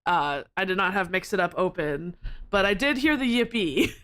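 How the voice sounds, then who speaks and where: A woman streamer chatting casually to her live audience, rambling with lots of giggles and jumping up into squeaky protests when flustered. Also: lively intonation, moderate pace, fairly bright tone, smooth. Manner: giggly, rambling, with frequent laughter.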